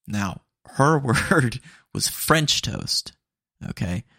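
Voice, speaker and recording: A young man hosting a solo podcast, telling stories in a rambling, animated way with lots of fillers. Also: mid-range voice, very slow, gravelly, no echo, studio quality. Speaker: podcast host. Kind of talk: casual solo podcast monologue.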